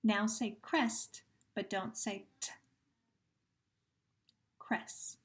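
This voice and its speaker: A woman teacher runs a sound-deletion drill at a very slow, careful pace. She stretches out each repeated word and praises the listener with patient encouragement. Her pitch sits in an ordinary middle range. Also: fairly even intonation. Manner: slow, deliberate, stretches words when repeating them. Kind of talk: phonemic awareness drill lesson.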